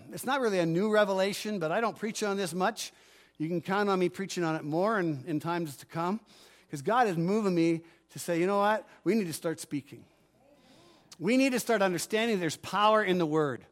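A male pastor preaching a sermon, moving between forceful commands and quieter asides, and often asking the congregation if they follow. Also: high-pitched. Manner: preaching with rising fervor, commanding declarations; asks the congregation for responses.

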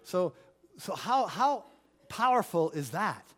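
A male pastor preaching a sermon, moving between forceful commands and quieter asides, and often asking the congregation if they follow. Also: high voice, very animated, slow pace. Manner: preaching with rising fervor, commanding declarations; asks the congregation for responses.

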